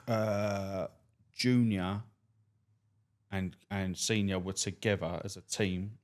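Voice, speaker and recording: A man's voice: low voice, takes it slowly. A man, a cab driver and stand-up comic, telling blunt, profane stories on a podcast. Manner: blunt, profane, deadpan storyteller. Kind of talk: swearing anecdotal storytelling.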